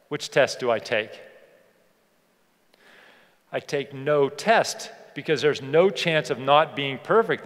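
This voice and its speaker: A man giving a motivational keynote speech on a conference stage, emphatic and repeating phrases for effect. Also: mid-range voice. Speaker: keynote speaker. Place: large conference hall. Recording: long hall reverb from a PA.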